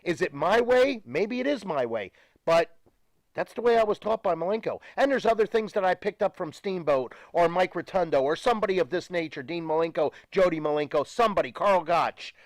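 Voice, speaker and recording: Older man, profane emphatic rant, lively swinging pitch, dry studio sound. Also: fairly quick, dry recording. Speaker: guest, retired pro wrestler. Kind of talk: animated studio interview.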